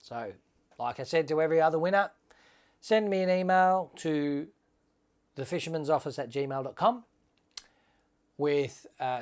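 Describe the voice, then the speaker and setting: A man hosting a casual livestream giveaway, talking to viewers in a chatty, upbeat way and calling them mate. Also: a little high. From Australia. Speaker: livestream host.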